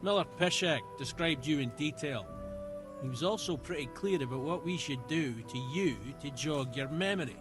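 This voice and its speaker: A man's voice: fairly high pitch, normal speed, lightly acted. An actor playing a bullying male debt collector in a video game, talking in a taunting, threatening way over game music. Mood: menacing.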